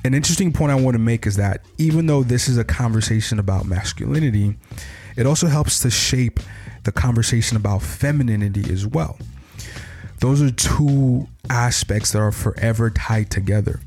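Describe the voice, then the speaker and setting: A man from Africa hosting a podcast, talking in an animated, sing-song way as he welcomes people. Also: medium pitch, normal speed, husky, faint music behind. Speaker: podcast host. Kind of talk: casual podcast chat.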